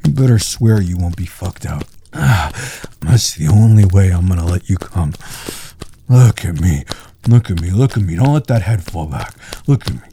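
A man's voice: low voice, expressive, normal speed, mellow, slight background noise. A man in an intimate audio role-play, talking in a dominant, commanding way with heavy breathing.

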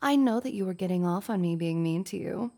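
A woman's voice: on the low side, expressive, fairly quick, warm tone. A young woman voicing a domineering, teasing woman boss in an intimate audio role-play, with a mocking, bossy way of talking.

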